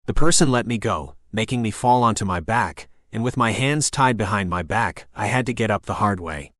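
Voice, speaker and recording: A man narrating a first-person novel as an audiobook in a steady storytelling voice. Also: on the low side, moderate pace, no echo, clean studio sound.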